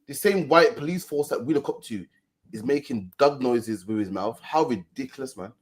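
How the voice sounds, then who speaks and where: A man's voice: medium pitch, animated, normal speed. A man preaching in casual street commentary, repeating himself and often ending lines with "man". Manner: preachy, repeats "man" at line ends, mocking mimicry.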